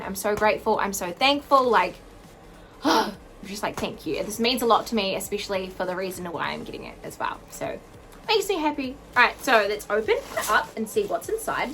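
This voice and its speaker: A young woman vlogging an excited unboxing at home, gasping and gushing over each item. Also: medium pitch, slight background noise. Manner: gushing, gasping, lots of "oh my God".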